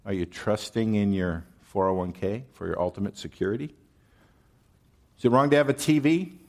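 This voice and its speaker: A man's voice: on the low side, moderate pace. A male pastor preaching a sermon in a conversational, wry manner, asking his listeners questions.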